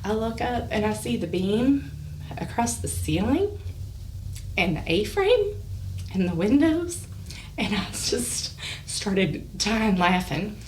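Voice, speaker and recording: A woman's voice: mid-range voice, takes it slowly. A woman guest on a podcast, telling a personal story in a casual way. She acts out the lines of other people, laughs often and gets a little emotional. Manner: animated, acts out quoted dialogue, laughs often; emotional, close to tears at times. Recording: voice a bit far from the mic, faint hiss.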